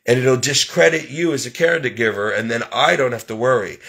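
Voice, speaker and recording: A man voicing the scheming old woman he cares for, smug and calculating, in his own gravelly voice. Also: mid-range voice, brisk, fairly bright tone, natural voice.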